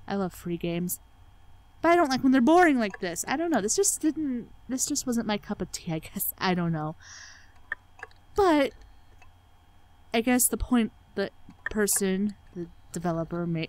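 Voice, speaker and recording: A woman's voice: medium pitch, darkish tone. Sarcastic, foul-mouthed woman gaming host. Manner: sarcastic, swears freely, mocks the game's dialogue. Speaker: let's play channel host. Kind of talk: gaming commentary.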